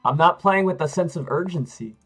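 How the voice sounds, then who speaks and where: A man's voice: fairly high pitch, animated, fairly quick, a bit bright, slightly rough, soft background music, poor audio. A man streaming chess games live, talking to himself and his viewers as he plays, swinging between hype and frustrated muttering. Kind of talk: live-stream commentary while playing.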